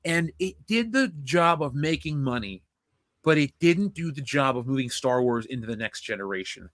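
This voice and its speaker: A young man co-hosting a casual film review chat, excitable and rambling, swearing freely. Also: medium pitch, normal speed, no echo, clean studio sound. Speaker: podcast co-host.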